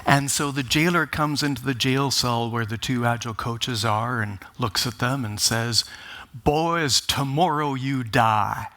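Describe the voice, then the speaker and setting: A man giving a conference talk, speaking deliberately and with emphasis, opening with wry jokes. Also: medium pitch, steady tone, pushed and bright. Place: conference stage.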